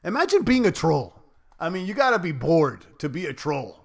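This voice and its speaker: A man's voice: a little high, big pitch swings, moderate pace, gravelly. Rambling man hosting a livestream. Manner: loose and rambling, many fillers and restarts; playful trash talk toward trolls. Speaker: crypto livestream host. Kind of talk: casual livestream chat reading viewer comments.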